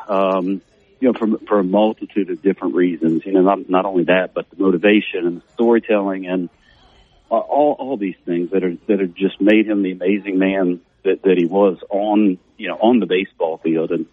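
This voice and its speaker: This middle-aged man, once a player, is a guest on a laid-back radio interview and rambles with many fillers. His voice sits low with a breathy edge, and the dry audio has no room sound and a dull, narrow, phone-like quality.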